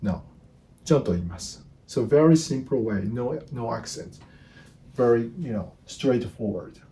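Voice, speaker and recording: Slow, dark-voiced Japanese man in his 50s. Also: medium pitch, expressive. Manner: halting, repeats words, many restarts. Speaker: language teacher. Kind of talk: casual spoken lesson.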